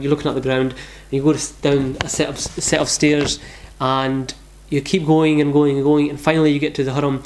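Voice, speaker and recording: A man's voice: on the high side, darkish tone. A man giving earnest, devout pilgrimage advice in a casual vlog, repeating himself as he talks. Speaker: vlogger giving travel advice. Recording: echoey room.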